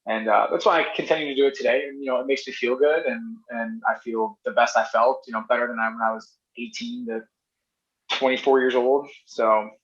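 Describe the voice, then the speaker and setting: A man's voice: mid-range voice, fairly even intonation, fairly quick, fairly bright tone. Married guy rambling about his fitness journey, lots of you knows, bit muffled. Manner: rambling, many fillers and restarts. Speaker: fitness coach co-host. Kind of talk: casual chat.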